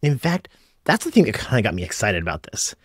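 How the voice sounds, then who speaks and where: A middle-aged American man talks on his solo podcast in a loose, conversational way, circling back and restarting his thoughts as he goes. His voice sits fairly low. It is recorded close and dry, with no room sound. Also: huge pitch swings, fast, slightly rough, no echo. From United States. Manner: conversational, rambling with restarts and asides. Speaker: podcast host and rideshare driver. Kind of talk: casual solo podcast talk.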